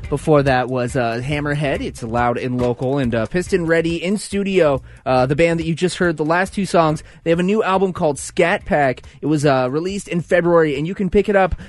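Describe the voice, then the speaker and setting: A man's voice: a little high, dry recording. A man hosting a local music radio show, chatting casually with a band in the studio and filling his talk with many "uh"s. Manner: halting, many filler words. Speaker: radio host.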